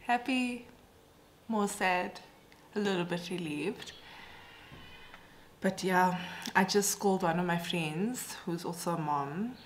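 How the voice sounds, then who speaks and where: A woman's voice: mid-range voice, slight background noise. A woman filming a casual home vlog as a mother, talking in a chatty, emotional way with lots of fillers. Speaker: vlogger, mother. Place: home, indoors.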